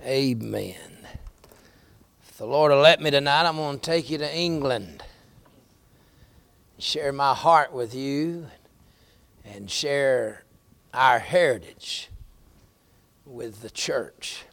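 A man's voice: mid-range voice, slow pace, vocal fry, long pauses, a bit bright, dry recording. A middle-aged man with a Southern American accent, preaching a sermon in a folksy storytelling way. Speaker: pastor.

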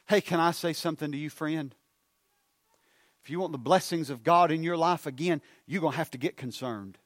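A man preaching a sermon, moving from hushed storytelling to loud, fervent appeals. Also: a little high, brisk, no room sound.

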